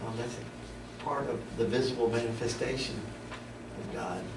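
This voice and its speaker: A man's voice: mid-range voice, little pitch movement, moderate pace, far from the mic. A man teaching a Bible study in a conversational way, often stopping and restarting his sentences. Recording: echoey room, mic from afar, background noise.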